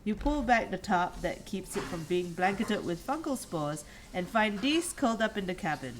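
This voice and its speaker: A woman's voice: mid-range voice, expressive, moderate pace, a little hiss or hum. A woman co-hosting a let's play stream, chatting and reading the game's narration aloud in an easy, slightly tired way. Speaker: streamer co-host.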